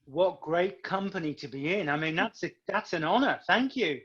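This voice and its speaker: A man's voice: sits high, expressive, normal speed, a bit bright, slightly rough, dull audio. A British man, a singer guest on a radio show, chatting with a self-deprecating sense of humor. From United Kingdom. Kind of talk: casual interview.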